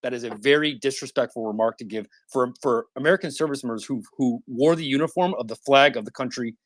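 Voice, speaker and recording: A man's voice: medium pitch, fast, no echo. A man in his thirties arguing passionately in an online audio discussion, insistent, cutting in and repeating himself. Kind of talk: heated debate.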